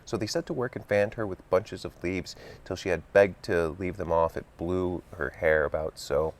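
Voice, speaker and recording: Deep-voiced man narrating a storybook. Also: normal speed, hardly any pauses. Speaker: audiobook narrator.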